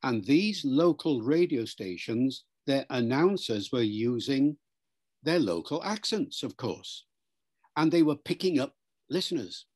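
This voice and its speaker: Older man, husky voice, lively pitch; patient expert explaining in an interview. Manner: measured, lecturing, spells out words and demonstrates pronunciations. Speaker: linguist being interviewed.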